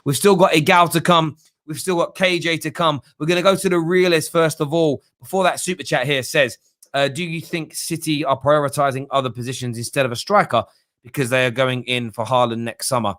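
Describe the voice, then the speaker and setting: A man's voice: a little high, steady tone, fairly quick, fairly bright tone. A young man hosting a football fan show, chatting casually with callers and mocking others in whiny put-on voices.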